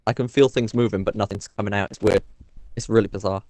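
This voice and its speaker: Halting man, lowish voice. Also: steady tone, darkish tone. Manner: halting, self-deprecating, rambling explanations. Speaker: co-player on stream. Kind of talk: casual gaming chat.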